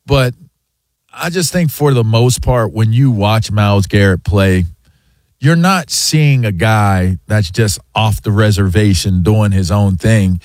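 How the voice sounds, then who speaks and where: Low-voiced man, opinionated sports talk. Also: measured pace, darkish tone, no echo. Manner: emphatic, opinionated, talks in long run-on thoughts. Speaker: sports talk show co-host. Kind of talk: casual sports radio chat.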